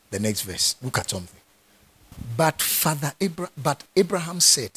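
A man's voice: mid-range voice, expressive, measured pace, sharp tone, breathy edge. A man with a Ghanaian accent, a pastor preaching a sermon with emphatic repetition. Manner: emphatic, repeats phrases for stress.

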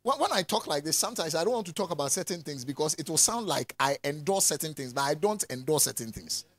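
A man preaching a lively sermon, swinging from loud calls to soft asides and laughing often. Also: a little high, fast talker, no echo.

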